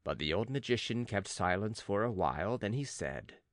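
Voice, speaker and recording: A man narrating an audiobook in a measured, grave storytelling manner. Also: on the low side, very animated, a bit bright, no room sound, studio quality. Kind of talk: scripted narration.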